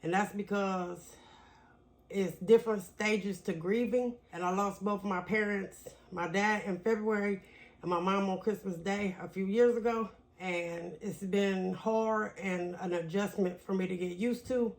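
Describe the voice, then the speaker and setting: A woman's voice: medium pitch, fairly even intonation, a little slow. A woman vlogger talking candidly and confidingly to her viewers in a casual vlog.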